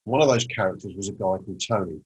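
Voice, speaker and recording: A man's voice: sits low, fast, slightly rough, rough recording. A man presenting a motivational talk on mindset, telling a story and acting out the conversations in it. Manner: storytelling, acts out quoted conversations.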